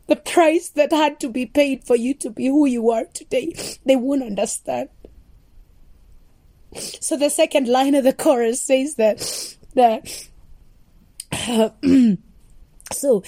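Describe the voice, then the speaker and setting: A woman's voice: high voice, lively intonation, slow pace, pauses often, dark tone, no room sound. A woman explaining her gospel song as impassioned devotional teaching, earnest and repetitive with preacher-like emphasis.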